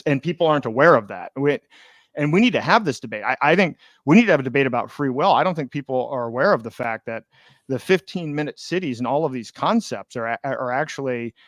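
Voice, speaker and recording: Podcast host, male, measured explainer, dry close sound, mid-range voice. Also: medium pitch, no echo. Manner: measured, explanatory, restarts phrases. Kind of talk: conversational interview.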